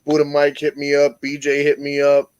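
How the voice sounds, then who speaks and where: High-voiced chatty male host. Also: moderate pace, smooth, dull audio. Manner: animated storyteller, laughs often. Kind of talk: casual chat.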